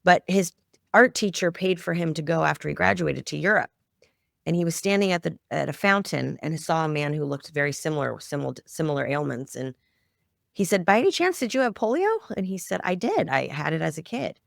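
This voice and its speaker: A woman's voice: low voice, a little fast, vocal fry, a bit bright, no echo. A middle-aged woman telling a personal family story as a podcast guest, heartfelt and close to tears at times. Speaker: podcast guest, children's media founder. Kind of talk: interview storytelling.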